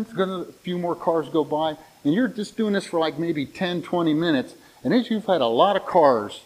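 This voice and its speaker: An older man preaching a sermon in a conversational way, retelling stories with lively restarts. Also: a little high, moderate pace, rough recording.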